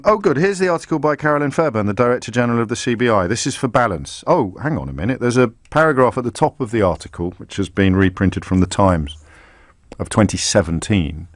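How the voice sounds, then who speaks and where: A man's voice: fairly low pitch, no echo. A man hosting a live radio talk show, reading aloud on air with sarcastic, mocking asides. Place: radio studio. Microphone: studio microphone.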